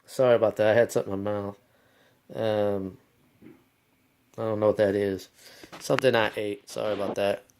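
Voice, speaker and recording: A man hosting his own vlog, talking in a rambling, halting way, often stopping to correct himself and apologize, and sometimes calling himself by his nickname in the third person. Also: lowish voice, flat delivery, darkish tone. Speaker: channel host. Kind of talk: casual vlog monologue.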